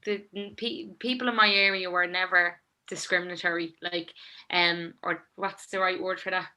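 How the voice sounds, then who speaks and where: A woman's voice: fairly low pitch, fairly even intonation, normal speed, bright, forceful tone. A young woman with a Dublin accent, talking casually and at length as a guest in an interview, with many fillers. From Ireland. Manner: chatty, rambling, lots of fillers. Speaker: songwriter and guest.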